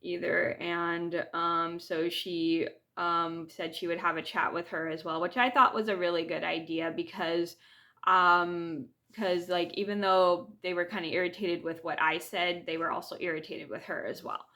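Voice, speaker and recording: A woman's voice: on the low side, flat delivery, moderate pace, pushed and bright. A woman vlogger telling a personal story casually to her camera, rambling with restarts and fillers. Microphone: camera mic.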